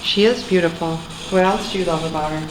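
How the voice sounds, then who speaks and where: A woman psychic medium on a ghost hunt, talking excitedly and firing off questions. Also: fairly low pitch, heavy reverb, long reverb tail, slight background noise, low-quality recording. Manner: excitable, exclaims and asks questions quickly. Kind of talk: investigation vlog chat. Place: large abandoned asylum building indoors.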